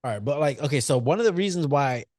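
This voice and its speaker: A man co-hosting a casual movie podcast talks loose and profane, teases his friend and muses aloud with restarts. His voice sits at an ordinary middle pitch. The sound is dry and close to the mic. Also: lively intonation, fast, darkish tone, no room sound. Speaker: podcast co-host. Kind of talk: casual movie-review chat.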